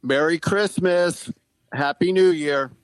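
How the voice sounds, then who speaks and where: A man's voice: on the high side, takes it slowly, clear, resonant tone, no echo, rough recording. A man co-hosting a podcast, giving a brief, cheerful sign-off. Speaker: podcast co-host. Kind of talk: casual chat.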